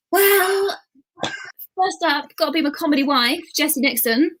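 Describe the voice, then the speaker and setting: A woman with a Bristolian accent talks as a guest on a casual chat show, laughing easily and dropping slang. Her voice sits somewhat high. She comes through a video call. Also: lively intonation, slow pace, a bit bright. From England. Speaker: guest comedian.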